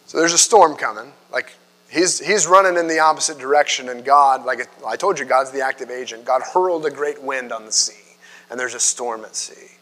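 A man's voice: medium pitch, normal speed. A man preaching a sermon in a loose, conversational way, full of fillers and restarts. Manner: conversational, animated, filler-heavy. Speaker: pastor. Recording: long hall reverb.

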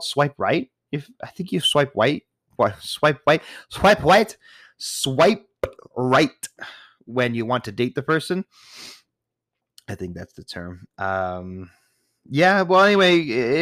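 A man's voice: mid-range voice, no echo, studio quality. A man casually telling personal dating stories, rambling with frequent restarts and the odd swear word. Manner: rambling, with repeated restarts and laughs. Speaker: storyteller. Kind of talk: casual storytelling monologue.

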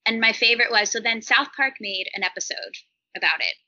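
A woman's voice: fairly high pitch, expressive, fairly quick, sharp tone, dull audio. A woman in her thirties, a podcast interview guest, telling stories in a rambling, chatty way with many "like" fillers.

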